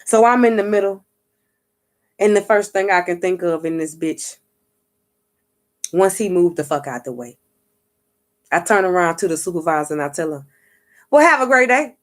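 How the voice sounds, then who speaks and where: A woman's voice: fairly low pitch, moderate pace, pauses often. A woman vlogger and spiritual reader telling a story in a casual monologue, cursing freely, acting out what others said and checking in with her viewers. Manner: profane, street-talking, keeps asking "you get what I'm saying"; animated, acts out what others said.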